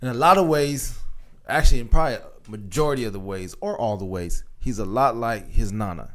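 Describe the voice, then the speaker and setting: A man's voice: on the low side, a little fast, a bit bright. A man in casual chat, telling candid, laid-back stories about his family.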